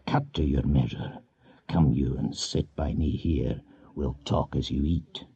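A man voicing a domineering older Scottish earl in his fifties, with a low, gruff, commanding Scottish accent. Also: measured pace, warm tone, dull audio, heavily acted.

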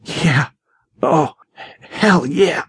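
A man's voice: fairly low pitch, fast, husky. A man voicing an eager, breathless younger brother who whimpers his lines in an audiobook. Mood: excited.

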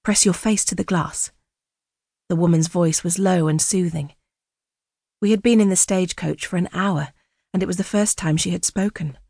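A woman reads a novel aloud in the first person, measured and quietly dramatic. Her voice sits fairly low, recorded close and dry with no room sound. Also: creaky, husky, no room sound. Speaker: audiobook narrator. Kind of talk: scripted narration.

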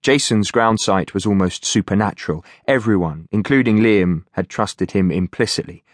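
A man reading an audiobook as narrator in a steady, measured way. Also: lowish voice, dry recording, studio quality. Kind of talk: scripted narration.

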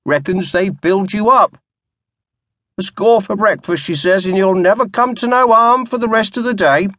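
A man's voice: high voice, moderate pace, bright, forceful tone, no room sound, pitched above the performer's own voice. Man doing a timid, fussing old butler. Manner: plaintive, fussing.

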